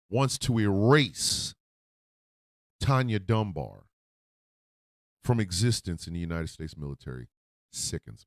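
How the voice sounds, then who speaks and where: A man hosting a radio show, talking from the heart in a profane, emotional monologue that swings into loud outbursts. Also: fairly low pitch, no room sound, studio quality. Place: radio studio.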